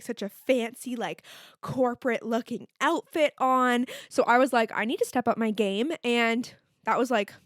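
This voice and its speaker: A woman's voice: a little high, no echo. Solo podcast host, woman in her twenties, swears freely, rambling casual delivery, dry close mic. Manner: chatty, candid, lots of fillers and swearing. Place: home.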